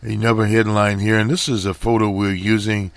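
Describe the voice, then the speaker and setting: A man hosting a radio program, talking slowly through headlines with many fillers and restarts, his voice strained. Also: lowish voice, little pitch movement, gravelly, dry recording. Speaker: radio host. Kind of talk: casual commentary over headlines.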